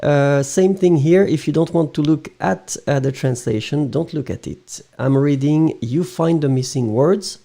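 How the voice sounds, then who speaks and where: A man's voice: a little high, unhurried, vocal fry, few pauses, mellow. A man with a French accent teaching French in a live-stream lesson, patiently spelling words letter by letter and laughing easily.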